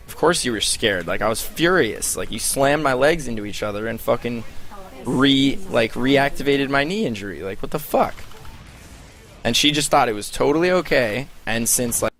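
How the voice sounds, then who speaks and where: A man's voice: medium pitch, animated, normal speed, a bit bright, slight background noise. A man telling a story in a casual, heated rant, swearing often and filling his talk with "like". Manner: heated, profane, filler-heavy storytelling. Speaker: streamer. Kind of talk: casual ranting monologue.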